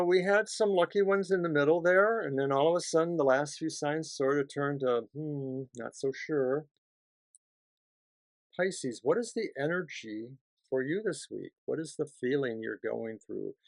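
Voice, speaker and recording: A male tarot reader talks through the week's cards at a slow, unhurried pace. He is chatty, dropping to a hush and then rising into bursts of excitement. The room is dry, with no echo. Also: on the high side, gravelly. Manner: chatty, dramatic swings between hushed and excited. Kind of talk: weekly tarot reading for each sign.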